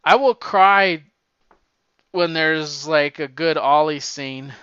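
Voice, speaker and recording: A man's voice: a little high, slow, bright, forceful tone, clean tone, no echo, dull audio. A man talking casually and at length about comic books, rambling with stammered restarts and swearing freely. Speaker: comic book fan talking to a friend. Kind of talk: casual chat.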